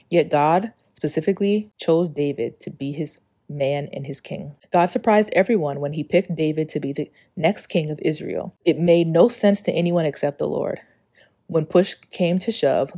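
Low, mellow woman doing a solo faith podcast, earnest and confessional, says like a lot. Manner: earnest and confessional, many "like" fillers; reads a passage, then speaks off the cuff. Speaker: podcast host. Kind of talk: solo spiritual podcast monologue.

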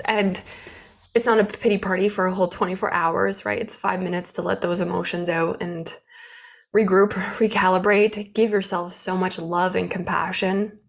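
A woman's voice: fairly low pitch, normal speed, gravelly. A woman who runs her own business, talking openly and emotionally about setbacks in a candid personal vlog. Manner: open, emotional, animated storytelling. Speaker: business owner.

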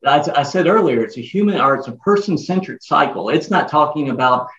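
A man guesting on a podcast interview, explaining his ideas earnestly and listing them in emphatic runs. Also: a little high. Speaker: guest author. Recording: echoey, dull lo-fi remote audio.

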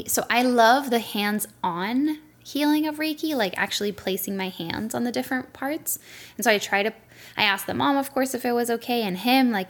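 A woman's voice: on the high side, fairly quick. A young woman hosting a solo podcast, telling a story in a chatty way with lots of fillers. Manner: chatty, lots of "like" and "you know". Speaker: podcast host; Reiki practitioner.

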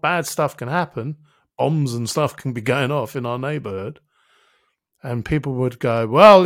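A man with a gravelly, medium-pitched voice tells a reflective story as a guest on a podcast, recorded in studio quality with no room sound. He helps people with their thinking, and he narrates vividly, acting out his own inner voice and swearing casually.

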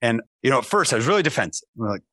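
Animated storytelling man on a podcast. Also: racing, no room sound. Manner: animated storyteller, acts out quoted voices with big pitch jumps. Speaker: podcast guest. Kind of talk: casual storytelling.

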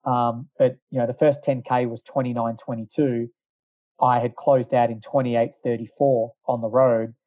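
Middle-aged man, ex-runner, storytelling, loose and rambling, mellow dark tone. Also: mid-range voice, little pitch movement, moderate pace, no room sound, highs cut off. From Australia. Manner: rambling, lots of fillers and asides. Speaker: former distance runner. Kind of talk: casual storytelling.

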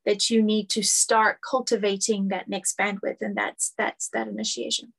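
A woman's voice: mid-range voice, level tone, moderate pace, gravelly, a bit bright. A woman spiritual teacher giving a lecture, speaking earnestly and building her points through repeated phrases.

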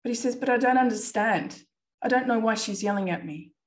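A woman's voice: fairly high pitch, fairly quick. A woman in her thirties hosting a podcast, earnestly retelling a distressing family episode with quoted dialogue. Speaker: podcast host and parent. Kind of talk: personal storytelling monologue.

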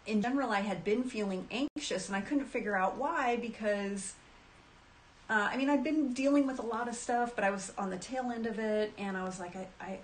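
A woman talking casually to her audience about handling anxiety, chatty and animated, acting out little quoted asides. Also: mid-range voice. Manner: chatty, animated, frequent restarts and acted asides. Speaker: self-help speaker. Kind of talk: casual talk to camera.

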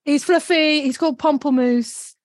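A woman in her forties with a Northern English accent, a guest on a video call, quick-witted and self-mocking. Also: high voice, no room sound, studio quality. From England, living in Australia. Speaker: guest, business coach.

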